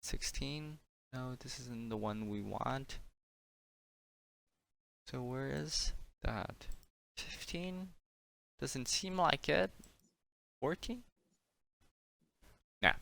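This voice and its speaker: A man's voice: mid-range voice, gravelly, sharp tone. Casual man teaching a class. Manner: casual, drills pronunciation, repeats words slowly. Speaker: Chinese teacher. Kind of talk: online language class.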